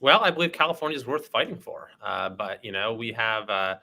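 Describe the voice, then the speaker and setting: A man answering as an interview guest, halting with frequent fillers. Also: on the low side, expressive, vocal fry, sharp tone. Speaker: guest politician.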